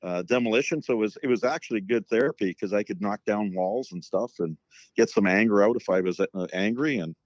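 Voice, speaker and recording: A middle-aged former hockey coach chats casually, rambling through long stories packed with fillers. His voice is on the low side and brisk, and the recording is muffled with no echo.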